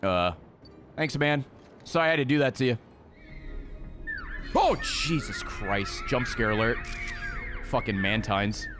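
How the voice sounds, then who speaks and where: A man streaming a game, excitable and swearing freely as he yells at the creatures on screen. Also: medium pitch, unhurried, long pauses, faint music behind. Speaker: gaming streamer. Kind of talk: casual let's-play commentary.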